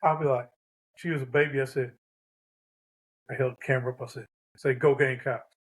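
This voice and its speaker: A man co-hosting a podcast, chatting casually with quick, laughing reactions and relaxed Southern phrasing. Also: medium pitch. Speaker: podcast co-host. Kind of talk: casual chat.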